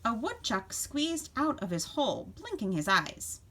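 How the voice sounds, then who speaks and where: A woman teacher reading a picture book aloud to children, expressive and asking them questions along the way. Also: a little high, unhurried. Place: home.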